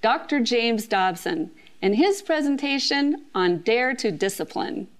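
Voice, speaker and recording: A woman's voice: a little high, expressive, unhurried. A woman introducing a speaker in a formal, short announcement.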